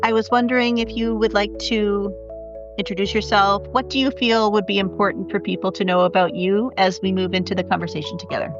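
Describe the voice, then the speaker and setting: A woman's voice: medium pitch, fairly even intonation, brisk, highs cut off. Earnest woman podcast host. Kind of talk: scripted intro then interviewing. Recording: intro voice over music.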